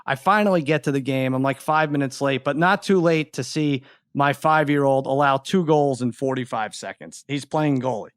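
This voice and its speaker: A middle-aged man co-hosting a podcast, telling an animated, exasperated story in casual chat. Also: medium pitch, normal speed, dry recording, clean studio sound. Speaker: podcast co-host.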